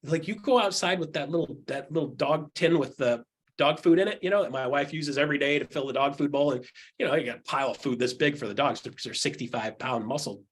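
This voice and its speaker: A middle-aged man coaching real estate agents on a video call, animated, acting out quotes in jumpy voices. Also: fast talker, slightly rough. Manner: animated, acts out quotes with jumps in pitch. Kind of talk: energetic coaching talk.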